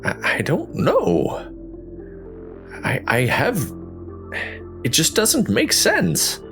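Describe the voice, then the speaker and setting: A man playing a halting wounded warrior. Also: on the high side, wildly swooping pitch, creaky, music in the background, full character voice. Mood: subdued. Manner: hesitant, halting speech. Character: wounded male warrior, hesitant and remorseful.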